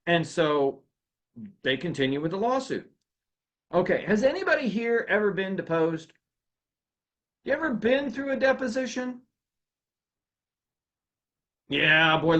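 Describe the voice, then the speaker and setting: A man teaches a workplace seminar with lots of energy. His voice sits somewhat high and leaps around in pitch as he tells the story and checks in with the audience. The delivery is conversational and full of questions. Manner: animated, quizzes the audience with questions. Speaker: workplace law and HR seminar speaker. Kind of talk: live seminar talk to an audience.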